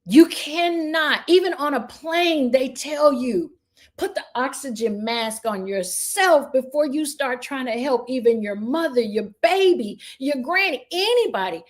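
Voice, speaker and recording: A woman's voice: high voice, expressive, unhurried. A woman real estate trainer giving an online motivational training session, fervent and preacher-like, talking to her audience as y'all.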